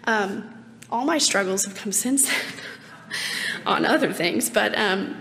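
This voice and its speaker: A hoarse woman in her late twenties giving an earnest, reflective personal faith testimony, with many ums. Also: medium pitch, slow, pauses often, bright, forceful tone. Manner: earnest and reflective, with frequent ums and light laughs. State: hoarse, rough-voiced. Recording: long reverb, faint background noise.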